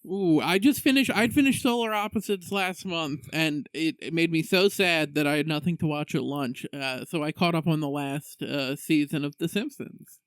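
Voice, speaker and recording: A man co-hosting a casual podcast, jumping in with excited asides. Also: fairly high pitch, smooth, no room sound. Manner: excitable, laughs, adds quick asides. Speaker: podcast co-host.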